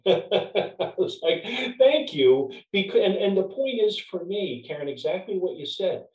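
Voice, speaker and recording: A man who works as a leadership trainer, chatting as a podcast guest and telling workplace stories in a warm, storytelling way. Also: high-pitched, lively intonation, measured pace, distant mic. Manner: storytelling, warm, restarts words. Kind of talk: casual podcast chat. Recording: roomy, off-mic sound.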